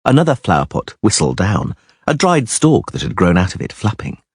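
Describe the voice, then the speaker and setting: A man reading a fantasy audiobook aloud in an expressive storytelling manner, close to the mic. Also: on the low side, normal speed, slightly rough, dry recording. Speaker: audiobook reader.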